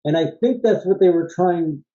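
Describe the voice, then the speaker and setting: A man's voice: high voice, moderate pace, warm tone, muffled recording. A man co-hosting a casual movie review chat, who laughs often and acts out lines from the film. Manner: laughs often, mimics characters in quotes. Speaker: co-host.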